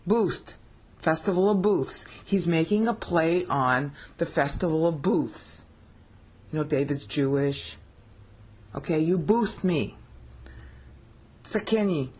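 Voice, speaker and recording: A woman's voice: low voice, takes it slowly, long pauses, a little mellow, husky. A woman giving a screen-share scripture lesson, explaining step by step with emphasis and often checking that the listener follows. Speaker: Bible teacher.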